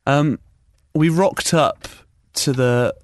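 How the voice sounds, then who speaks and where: A young man tells a story in a relaxed podcast chat. His voice sits a little high, and he keeps breaking into laughter as he acts out what people said. The sound is close and dry. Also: extremely slow, dry recording. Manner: animated, laughs often, acts out quotes.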